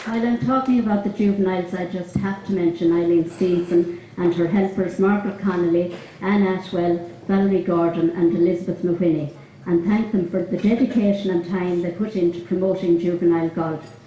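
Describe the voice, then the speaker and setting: A woman's voice: on the low side, fairly even intonation, a little fast, mellow, dull audio, a little hiss or hum. Woman giving a chatty captain's speech in an echoey hall with crowd chatter. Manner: chatty, humorous storytelling. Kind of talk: after-dinner speech.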